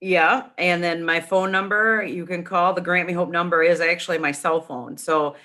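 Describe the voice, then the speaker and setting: A middle-aged woman, a nonprofit founder and interview guest, chatting and telling a long story with animated restarts. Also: lowish voice, moderate pace.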